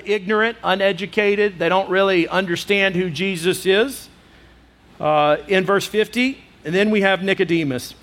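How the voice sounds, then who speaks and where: High-voiced man preaching a sermon. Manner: conversational, acts out quotes in other voices; frequent fillers, lively asides to listeners. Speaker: pastor.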